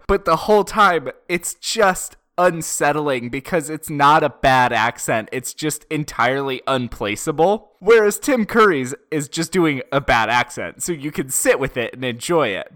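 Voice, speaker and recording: Bright-voiced chatty man podcast co-host. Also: on the high side, lively intonation, moderate pace, few pauses. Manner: chatty, laughs often, trails off mid-thought. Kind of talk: casual chat.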